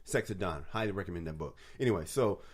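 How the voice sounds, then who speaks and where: Low-voiced man telling a lively story. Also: fast talker. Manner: animated storyteller, acts out quotes, laughs often. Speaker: podcast co-host. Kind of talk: casual chat.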